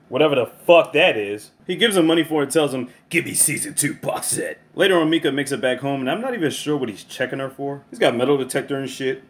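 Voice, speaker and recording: A man's voice: medium pitch, a bit bright. A man giving a casual, chatty review with plenty of swearing. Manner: fast, profane and chatty.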